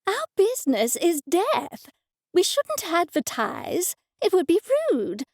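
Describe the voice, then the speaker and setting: Woman voicing a shrill, scolding older mother. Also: huge pitch swings, takes it slowly, a little mellow, dry recording, studio quality, exaggerated voice. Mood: indignant. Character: prim pious older mother, easily offended.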